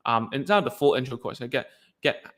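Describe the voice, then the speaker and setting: A man's voice: mid-range voice, lively intonation, fast, a bit bright. A man coaching parents on their child's speech, talking in a loose, chatty way with frequent restarts and casual slang. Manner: loose and chatty, lots of fillers and restarts, says "dude". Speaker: speech therapy coach answering parents' questions. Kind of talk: casual advice video.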